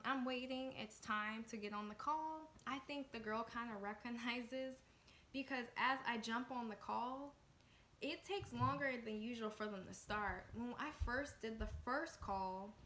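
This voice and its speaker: Brief: young woman vlogger, bright and forceful, animated storytelling, echoey room. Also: a little high, a little slow. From Washington, D.C. area, USA. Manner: animated, excitable storytelling with many fillers. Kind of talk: storytime vlog. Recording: echoey room with faint noise.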